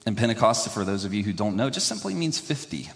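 A man's voice: on the low side, big pitch swings, quick pace, creaky. A young man preaching in a loose, conversational way, rambling with restarts and laughing at himself. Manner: rambling, self-deprecating, laughs often. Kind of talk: conversational sermon. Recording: long hall reverb.

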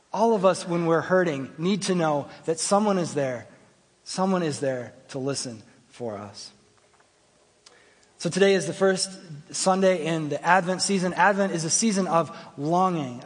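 A man in his thirties preaching a sermon in a relaxed, conversational storytelling manner. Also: fairly high pitch, slightly rough. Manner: conversational storytelling, self-deprecating. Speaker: pastor. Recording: hall reverb.

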